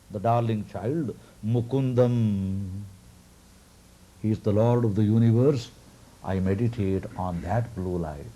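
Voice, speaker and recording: A man who is a spiritual teacher tells a devotional story with soft chuckles. His pitch swings in lively, lilting arcs. He speaks slowly, in a dark, mellow tone.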